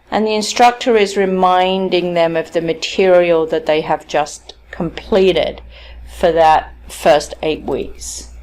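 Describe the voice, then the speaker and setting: A woman lecturing at university level, explaining points step by step, checking in with "okay?" and demonstrating stress and intonation on example sentences. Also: fairly low pitch. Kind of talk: recorded academic lecture.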